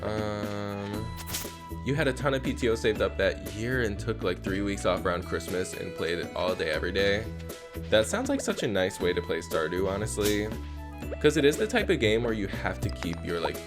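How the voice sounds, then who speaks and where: A man's voice: lowish voice, sing-song, normal speed. A man streaming a game live, chatting casually and rambling with his viewers. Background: game music.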